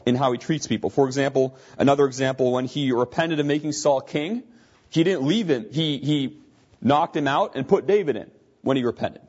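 Male Bible teacher, husky voice, talks through his points with frequent restarts, muffled lo-fi recording. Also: on the high side. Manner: explanatory, thinking aloud with frequent restarts.

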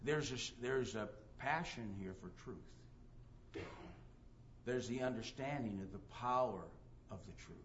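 A man with a mid-range voice preaches at a measured pace with long pauses, in audio with the highs cut off and slight background noise. His sermon is emphatic, and he reads scripture aloud and acts out the dialogue of people in his stories.

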